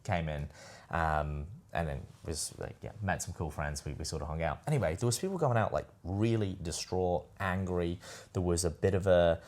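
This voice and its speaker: A man's voice: low voice, normal speed, darkish tone. A man hosting a podcast, telling a loose, rambling story full of "anyway" and "I said" in casual chat. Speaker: podcast host.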